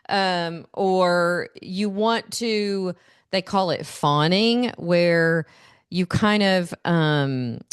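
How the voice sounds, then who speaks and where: A woman in her forties hosting a podcast, telling stories in an animated way and laughing often. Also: lowish voice, no echo, studio quality. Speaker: podcast host. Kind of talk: casual solo podcast talk.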